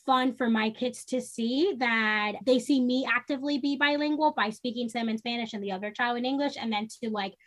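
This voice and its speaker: A woman from New York state talks as a guest in a casual podcast interview. Her voice sits a little high, and she speaks earnestly and with energy. Now and then she acts out the voices of people she quotes. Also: fairly quick, hardly any pauses, fairly bright tone. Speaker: podcast guest, social worker.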